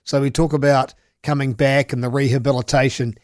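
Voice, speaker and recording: A man's voice: medium pitch, flat delivery, fairly quick, darkish tone, no echo, studio quality. A man, a sports radio host chatting casually and giving opinions with many restarts.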